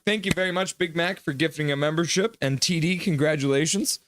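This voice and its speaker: A man hosting a casual hockey live stream, chatting loosely and reading viewer comments aloud, sometimes yelling them in a high put-on voice. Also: fairly quick, few pauses, dry recording.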